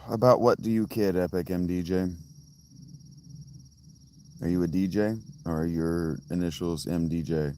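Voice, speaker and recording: Outdoors by a fountain, a man on a live stream reads and answers viewers' comments casually, rambling off on tangents with many restarts. His low voice is steady and mellow at a normal speed with long pauses, and there's slight background noise.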